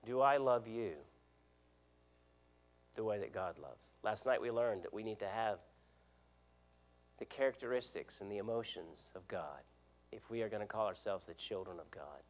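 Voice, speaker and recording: A man's voice: lowish voice, expressive, normal speed, long pauses. A man preaching a sermon as an elder, earnest, repeating words and asking the congregation questions. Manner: swings between loud emphasis and quiet drops.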